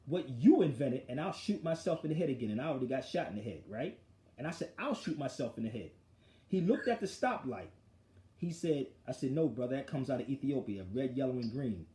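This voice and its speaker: A man hosting a talk show retells an argument in a forceful, animated way. His voice sits a little high but has a mellow, dark tone. The sound rings in an echoey room. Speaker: show host. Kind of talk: casual street talk storytelling.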